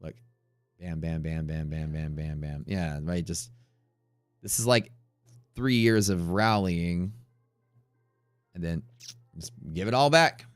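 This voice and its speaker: A man's voice: low voice, takes it slowly, pauses often, dry recording, studio quality, soft background music. A man hosting a day-trading livestream, chatting in a laid-back, joking, slangy way. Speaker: day-trading streamer host. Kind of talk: casual livestream chat.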